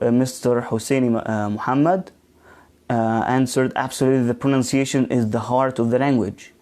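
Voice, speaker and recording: A man leads a live online lesson on pronunciation, reading viewer comments aloud as he goes. He talks slowly, pausing often with ums and false starts. His voice is mellow and dark. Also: medium pitch. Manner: slow, with frequent ums and restarts, reads out viewer comments. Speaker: English teacher trainer. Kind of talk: live online teaching session.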